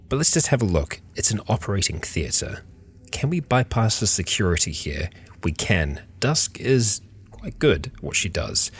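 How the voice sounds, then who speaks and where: Slow, low-voiced man musing through a game. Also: slight background noise. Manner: calm, musing narration addressing his character. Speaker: let's play host. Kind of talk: game playthrough commentary.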